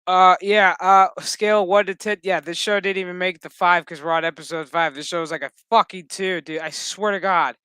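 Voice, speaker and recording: A man streaming a TV review as a furious, foul-mouthed rant with loud outbursts. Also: high voice, fairly even intonation, a little fast, hardly any pauses, smooth, no echo, clean studio sound. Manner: heated, swearing constantly, loud outbursts. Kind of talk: profane angry rant.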